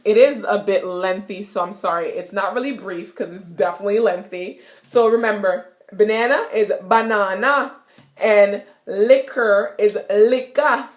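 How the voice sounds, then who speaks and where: A young woman with a Jamaican accent teaches a casual self-recorded lesson in her apartment. She is chatty and repeats every word and phrase slowly so it sinks in. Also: medium pitch. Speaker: language teacher vlogger. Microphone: self-recorded camera.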